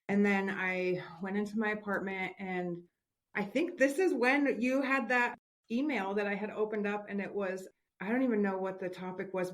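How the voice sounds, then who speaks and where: A woman from Washington state, a parent and podcast guest, telling her story candidly and earnestly. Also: mid-range voice. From Washington state, USA. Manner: candid, earnest, close to tears at times. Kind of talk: emotional personal storytelling.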